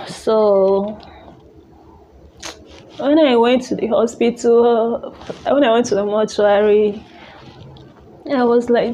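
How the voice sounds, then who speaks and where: A woman telling a personal story in a halting, emotional way, full of restarts. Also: on the high side, fairly even intonation, warm tone, slight background noise. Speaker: vlogger.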